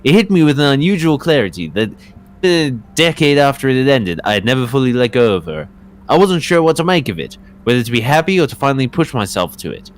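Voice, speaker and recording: A man's voice: mid-range voice, sing-song, fast talker, slight background noise, pitched above the performer's own voice, natural voice. A man reading the lines of a tired detective in a video game, dry and matter-of-fact. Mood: flat. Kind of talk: reading game dialogue and narration aloud.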